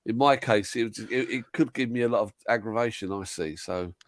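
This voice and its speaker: Halting, stammering man in casual chat. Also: fairly low pitch, no room sound. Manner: halting, stumbles and repeats words.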